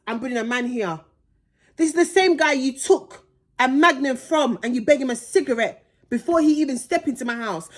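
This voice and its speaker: A young pregnant woman, vlogging straight to camera, blunt and indignant, swearing freely and calling it passion. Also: high-pitched. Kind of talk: heated direct-to-camera vlog.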